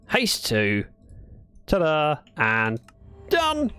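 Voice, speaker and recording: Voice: mid-range voice, big pitch swings, normal speed, fairly bright tone, soft background music. A livestreamer chatting casually and playfully, telling little stories while playing. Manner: chatty, playful, storytelling asides. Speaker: Minecraft livestreamer. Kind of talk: casual gaming livestream chat.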